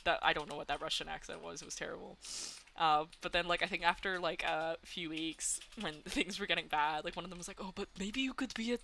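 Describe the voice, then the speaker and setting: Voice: medium pitch, fairly even intonation, a little fast, gravelly, pushed and bright, a little hiss or hum. A young adult streamer from Canada chatting casually while gaming, giggling often and filling talk with "like". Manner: chatty, giggly, many "like" fillers.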